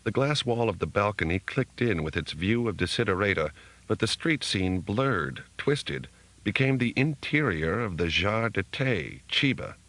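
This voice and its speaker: A man narrating an audiobook in a measured, even storytelling manner. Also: on the low side, rough recording. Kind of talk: scripted narration.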